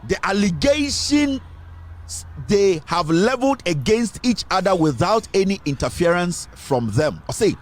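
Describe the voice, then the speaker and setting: Expressive and high-voiced, this online news host speaks at a normal speed with few pauses, his Ghanaian English accent clear as he covers politics. He code-switches between English and Twi, pressing his points emphatically and repeating phrases.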